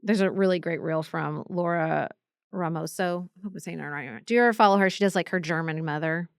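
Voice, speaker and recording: A woman in her forties co-hosts a podcast and tells stories in a relaxed, chatty way. Her voice is smooth with a gravelly edge. The sound is dry and close. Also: fairly low pitch, brisk, no echo. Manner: chatty storyteller, mimics people she met. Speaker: podcast co-host. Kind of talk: casual chat.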